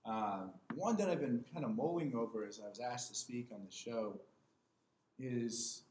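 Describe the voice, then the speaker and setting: A man in his twenties, a podcast guest, talking in a measured, earnest way and reading a passage aloud. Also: medium pitch, darkish tone, slight background noise. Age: 20s. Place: small room with other people. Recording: roomy echo with faint ambience.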